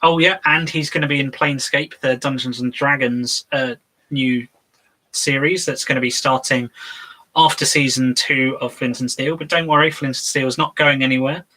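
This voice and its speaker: A man's voice: mid-range voice, steady tone, moderate pace, pushed and bright, rough recording. A man co-hosting a casual tabletop gaming chat, talking in a rambling, hesitant way with lots of fillers. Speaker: co-host.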